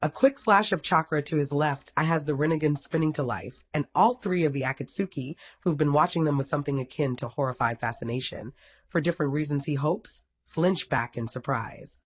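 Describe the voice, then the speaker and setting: A man reads a fan fiction story aloud with wry, casual storytelling. His voice sits fairly high. The recording sounds dull and lo-fi. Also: a little fast, husky. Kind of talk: audiobook narration.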